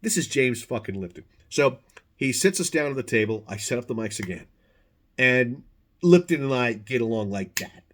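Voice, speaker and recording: A man telling a casual, animated anecdote to the camera, full of swearing and restarts. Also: medium pitch, moderate pace. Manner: profane, animated, self-interrupting. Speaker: storyteller, former podcast host.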